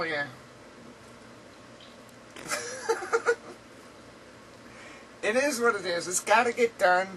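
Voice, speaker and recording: A woman's voice: medium pitch, pushed and bright, recorded from a distance, slight background noise, rough recording. A woman chatting casually in a rambling video diary from home, laughing often, her throat dry and sore. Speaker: vlogger. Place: indoors at home.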